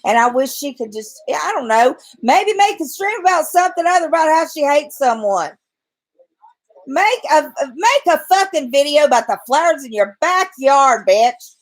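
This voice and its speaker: A woman's voice: high voice, very animated, moderate pace, rough recording. A woman ranting bluntly and profanely in a home vlog, from bed right after waking. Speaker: vlogger.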